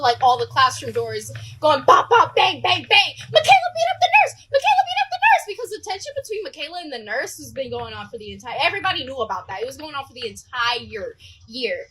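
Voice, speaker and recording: Young woman, very high and bright voice, casual animated storyteller who acts out the voices of the people in her tale. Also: poor audio. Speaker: storyteller vlogger.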